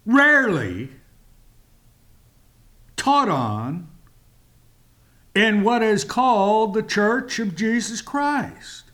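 Very slow, high-voiced male Bible teacher. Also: sing-song, pushed and bright. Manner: measured, emphatic, with long pauses and fillers. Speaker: Bible teacher and show host.

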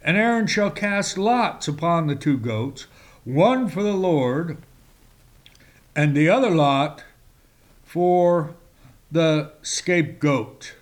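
Male preacher, slow and emphatic, fairly high voice, reads scripture between remarks. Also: lively intonation. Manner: slow, emphatic delivery with sudden rises in pitch; reads scripture in old-fashioned wording. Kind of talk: sermon with scripture reading.

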